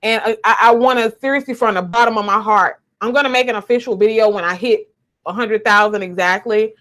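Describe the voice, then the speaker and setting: A woman's voice: a little high, brisk, fairly bright tone. A young adult woman, chatting emotionally to viewers on a live stream from home, repeating herself, recorded on a webcam or phone. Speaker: YouTuber. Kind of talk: casual live stream chat.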